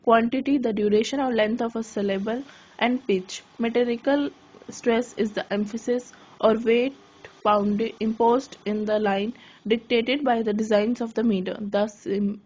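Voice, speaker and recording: A woman giving a lesson on writing poetry, reading her notes aloud haltingly and correcting herself as she goes. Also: on the high side, steady tone, a little mellow. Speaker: lecturer. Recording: dull lo-fi recording.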